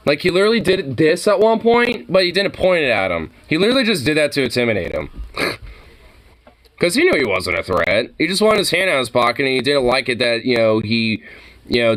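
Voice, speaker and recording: Animated swearing man ranting. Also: fairly high pitch. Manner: animated, mocking, laughs often. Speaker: reaction commentator. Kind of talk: casual profane rant.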